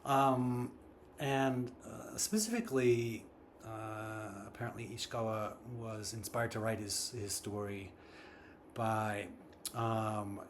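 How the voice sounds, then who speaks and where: A man casually retelling a story and explaining its background, talking in a relaxed, halting way with many ums and uhs. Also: lowish voice, a little hiss or hum. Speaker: storyteller and channel host.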